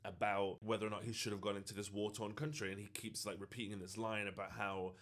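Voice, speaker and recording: A man's voice: fairly low pitch, flat delivery, fast, very noisy. A man, a social media creator, telling a personal story in an earnest, reflective way. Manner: earnest and reflective, with frequent fillers. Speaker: TikTok creator.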